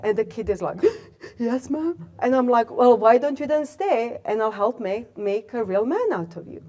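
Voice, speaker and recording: A woman, telling a story in a talk to a room, animated and full of fillers. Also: on the high side, moderate pace. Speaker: guest speaker, alumna. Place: lecture room.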